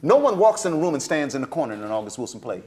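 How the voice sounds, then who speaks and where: A middle-aged man with a Southern US accent, a stage director telling lively stories in a panel conversation and acting out the voices of the people in them. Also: a little high, very fast. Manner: animated storyteller, acts out voices, Southern-flavored speech.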